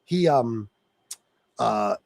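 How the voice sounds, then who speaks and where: A man's voice: mid-range voice, lively intonation, extremely slow, creaky, a little mellow, dry recording. A man hosting a political livestream, reading chat and ranting angrily with lots of swearing. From Sicilian heritage. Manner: angry, profane ranting at viewers.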